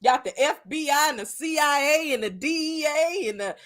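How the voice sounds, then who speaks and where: A woman's voice: high-pitched, normal speed. A woman co-hosting a casual movie recap, acting out her reactions dramatically. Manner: animated, acts out her own reactions, dramatic. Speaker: podcast co-host.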